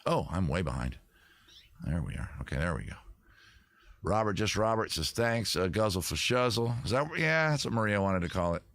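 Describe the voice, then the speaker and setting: A man's voice: low-pitched, very animated, normal speed, fairly bright tone, no echo. A man hosting a casual livestream from his home computer, rambling and bantering with his chat in a mock-indignant way. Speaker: livestream host. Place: home setup at a computer with several monitors.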